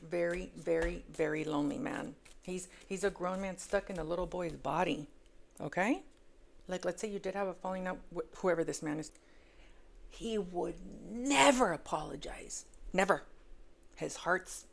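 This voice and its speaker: A woman reading tarot cards in a casual, emphatic monologue. She repeats words for stress and swings between hushed asides and loud exclamations. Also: lowish voice, gravelly. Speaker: tarot reader.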